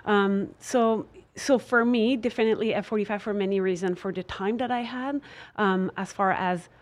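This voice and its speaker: A woman's voice: medium pitch, fairly even intonation, normal speed. A woman who is a dancer, answering interview questions earnestly, with many restarts and filler words. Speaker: dancer and fitness guest. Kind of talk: casual interview.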